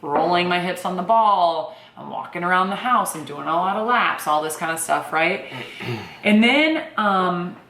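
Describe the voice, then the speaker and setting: Young woman rambling through her birth story, lots of "like"s, kinda low voice, echoey room. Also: a little slow, a little hiss or hum. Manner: chatty, animated, many fillers like "like" and "um". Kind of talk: casual storytelling.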